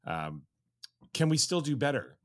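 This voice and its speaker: Measured male interviewer, lively pitch. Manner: measured, slow when asking questions. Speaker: interview host. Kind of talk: interview questions.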